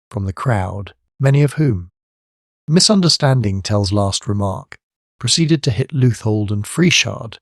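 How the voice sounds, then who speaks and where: A man narrating a classic storybook in a steady, measured reading on a close studio mic. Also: on the low side, no room sound. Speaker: audiobook narrator.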